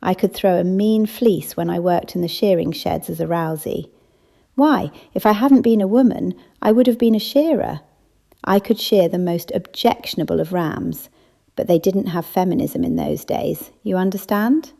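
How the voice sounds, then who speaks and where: A tough, plain-spoken old lady with a gravelly edge, scolding and blunt in her manner, as a woman reads her in an audiobook. Her tone is low and mellow, raised a little above the narration. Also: moderate pace. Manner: brusque, forthright, scolding. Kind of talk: audiobook character voice.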